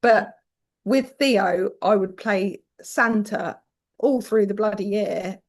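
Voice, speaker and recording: A woman's voice: medium pitch, slow pace. Frank, swearing British woman. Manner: frank and swears casually, acts out quoted voices. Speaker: podcast guest. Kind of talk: candid conversational storytelling.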